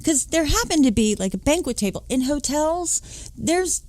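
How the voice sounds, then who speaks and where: A woman in her late fifties, a podcast host from the Philadelphia and New York area, telling a personal story in an animated way. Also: moderate pace, a little hiss or hum. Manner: animated, acting out dialogue with big pitch swings.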